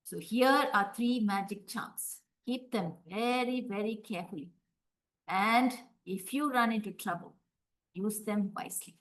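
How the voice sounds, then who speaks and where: A woman voicing a calm, wise old monk who speaks slowly and solemnly. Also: medium pitch, lightly acted, rough recording. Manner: slow, solemn, cautioning. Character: gentle elderly male monk, wise and calm.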